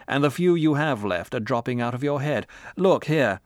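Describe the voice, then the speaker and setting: A man's voice: mid-range voice, animated, moderate pace, no echo, studio quality, close to an everyday voice. A man voicing a cold, cruel interrogator. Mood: contemptuous, commanding. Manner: harsh, commanding, contemptuous. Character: cold menacing male interrogator, middle-aged, controlled. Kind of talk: audiobook character reading.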